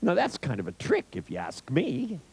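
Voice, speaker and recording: Gravelly, wry man telling a profane story. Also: on the high side, wildly swooping pitch, normal speed, darkish tone, dry recording, rough recording. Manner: wry, irreverent, swears freely.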